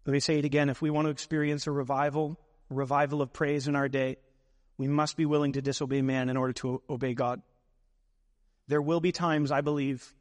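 Male pastor, sermon, emphatic, repeats phrases, slightly high voice, long hall reverb.

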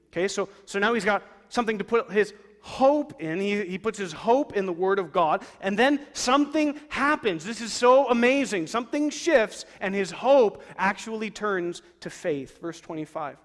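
A man delivers a sermon in a noticeably high voice, building to loud emphasis and then dropping to soft, low asides. His words ring out with a long reverb, as if spoken in a large hall. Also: animated, normal speed, few pauses. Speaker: pastor.

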